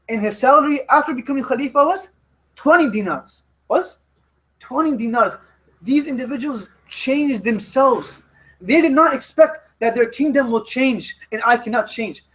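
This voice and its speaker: A man with a very high voice for a man delivers a sermon to a youth group. He speaks emphatically and stacks up repeated phrases, with frequent restarts. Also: fairly bright tone, low-quality recording. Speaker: religious teacher.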